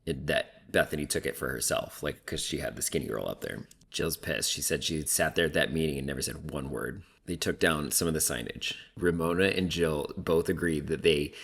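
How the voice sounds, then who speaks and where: Man, very low register, casual gossipy recap host, filler-heavy. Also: moderate pace, gravelly, few pauses, fairly bright tone, husky. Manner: chatty, gossipy, heavy use of "like". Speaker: reality TV recap commentator.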